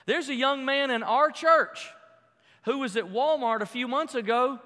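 Male pastor, high bright voice, preaching and questioning his congregation in a reverberant hall. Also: a little slow. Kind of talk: sermon.

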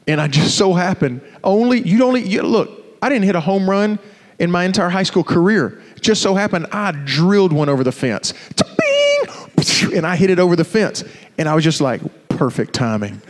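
High-voiced preacher in a reverberant hall. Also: male voice, fairly quick. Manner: animated, joking storyteller addressing a crowd. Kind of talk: sermon with personal stories.

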